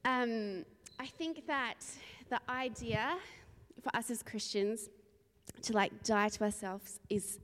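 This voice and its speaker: A woman from Australia, a preacher, opening a sermon with a lively, rambling personal story and frequent laughter. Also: medium pitch. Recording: long reverb in a large hall.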